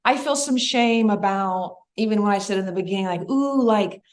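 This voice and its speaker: Soft-spoken reflective middle-aged woman. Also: mid-range voice, a little fast. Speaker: podcast guest. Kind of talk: casual podcast conversation.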